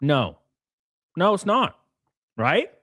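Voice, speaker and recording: A man hosts a live stream, ranting animatedly with lots of swearing and reading viewer chat messages aloud. His slightly high voice is very slow, captured dry with studio quality and no echo.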